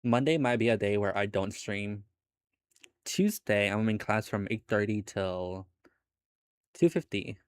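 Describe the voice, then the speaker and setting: A young man with a fairly low voice chats with his live viewers in an easy, laid-back way, laughing often and dropping the odd swear. He takes his time over every sentence. The sound is dry and close, with no room around it. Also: unhurried, long pauses, clean tone, dry recording. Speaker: streamer. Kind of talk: casual chat with live viewers.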